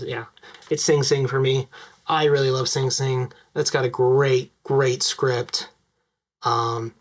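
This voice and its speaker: Fast-talking, excitable young man. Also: medium pitch. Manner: enthusiastic, fast-talking with frequent fillers. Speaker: vlogger. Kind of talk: casual film commentary to camera.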